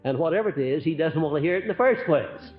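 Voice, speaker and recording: A man giving an earnest, folksy lecture to a live audience, letting his voice rise and drop on purpose and often pausing on "uh". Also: fairly high pitch, lively intonation. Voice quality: frequent "uh" hesitations. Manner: folksy, earnest, swings between loud and soft on purpose. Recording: muffled archival recording, faint music.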